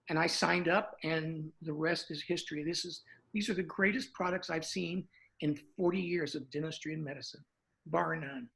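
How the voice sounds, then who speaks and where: A man's voice: sits high, gravelly, a bit bright, rough recording. A man in his sixties with a Southern American accent, a dentist guest telling his story in a folksy, chatty way. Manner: folksy, chatty, recounts with quoted dialogue. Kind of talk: casual interview storytelling.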